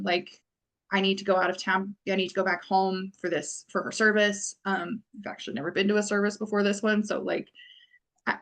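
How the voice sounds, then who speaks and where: A woman's voice: mid-range voice, creaky. Wordy woman business owner, rambling. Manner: wordy, rambling, many fillers. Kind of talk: casual podcast interview.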